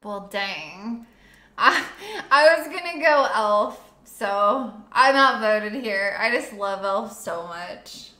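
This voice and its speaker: A woman on a casual movie podcast who speaks slowly, with a bright, slightly high voice. The room around her is echoey. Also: expressive. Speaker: podcast co-host.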